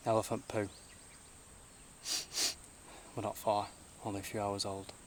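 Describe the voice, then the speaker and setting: Brief: Northern English man, travel vlogger, blunt and excitable, loud rain noise outdoors. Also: fairly low pitch, unhurried. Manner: blunt, excitable banter with mild swearing. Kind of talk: casual travel vlog. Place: outdoors on a rural road in the rain.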